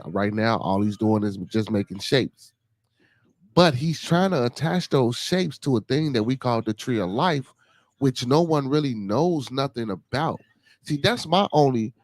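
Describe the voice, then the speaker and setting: A man with a Chicago accent hosting a casual call-in podcast, talking deliberately, stumbling over repeated words and calling people "man" and "brother.". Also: medium pitch, dry recording. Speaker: podcast host.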